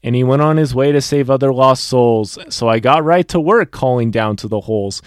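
A man's voice: mid-range voice, brisk, hardly any pauses, clean tone, no echo, studio quality. A young man hosting a personal faith podcast, speaking earnestly and reading a rhymed poem aloud. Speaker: podcast host.

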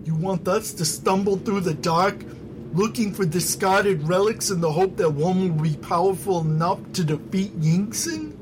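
A man's voice: high-pitched, animated, moderate pace, background noise, pitched above the performer's own voice. A man voicing a skeptical, stubborn male dissenter who challenges in a raised, incredulous tone.

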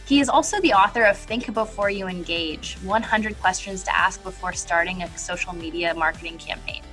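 A woman's voice: mid-range voice, moderate pace, a bit bright, faint music behind. A woman hosting a podcast with a nasal voice as she recovers from a cold, reading a polished, upbeat introduction. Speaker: podcast host. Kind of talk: scripted podcast introduction and interviewing.

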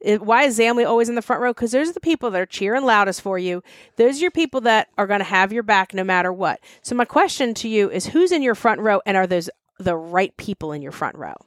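A woman's voice: medium pitch, lively intonation, fast, no echo, studio quality. A woman with a Mid-Atlantic American accent, co-hosting a podcast in casual, emphatic chat. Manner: chatty and emphatic, addresses listeners as y'all. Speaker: podcast co-host.

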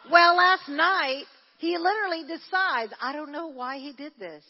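A woman pastor preaching a sermon, telling a story with animated energy and shouting at its high points. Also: normal speed. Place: church hall. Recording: dull lo-fi recording in a church hall.

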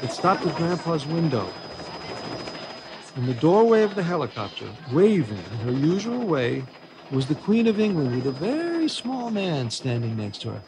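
An older man reading his own children's book aloud, with expressive storytelling. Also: on the high side, moderate pace, background noise. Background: music.

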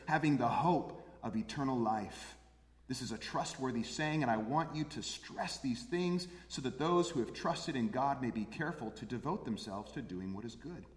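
A man's voice: medium pitch, lively intonation, moderate pace. A man preaching a sermon as pastor, earnest, repeating phrases for emphasis. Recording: echoey hall with long reverb.

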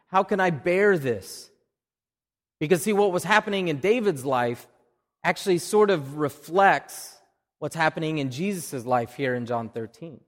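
A man's voice: on the high side, long reverb tail. A man with an Oklahoma accent preaching a sermon in a conversational way, often repeating a word as he restarts a phrase. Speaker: pastor. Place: church.

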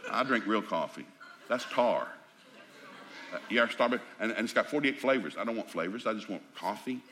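A middle-aged man preaching a sermon in a folksy, animated, joking storytelling manner. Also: fairly low pitch, normal speed.

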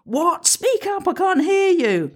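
A woman's voice: on the low side, lively intonation, normal speed. A woman voicing an impatient male police sergeant barking orders over a radio. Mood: irate.

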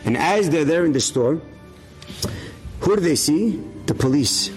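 Speaking in a higher-than-average voice at a slightly unhurried pace, this man preaches an uplifting religious tale while faint music plays behind him. He's lively throughout, performing the voices of each character in the story.

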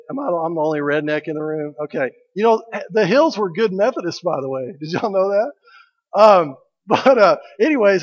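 A pastor preaching a sermon in a relaxed, conversational way. He jokes with the congregation and asks them questions. His fairly high voice carries through a dull recording with a long hall echo.

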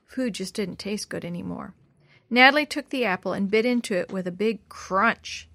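Woman narrator for a kids' storybook, gentle and expressive, dry close sound. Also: mid-range voice, fairly quick, no room sound. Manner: gentle, expressive read-aloud. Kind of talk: storybook reading.

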